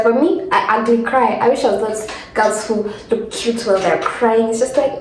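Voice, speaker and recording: A woman's voice: a little high, fairly quick, hardly any pauses, a little mellow, reverberant, a little hiss or hum, low-quality recording. A young Kenyan woman in her twenties with a Kenyan accent, telling a casual sit-down story from her room, rambling with lots of fillers and close to tears. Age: 20s. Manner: chatty, rambling with many fillers and restarts. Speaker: vlogger.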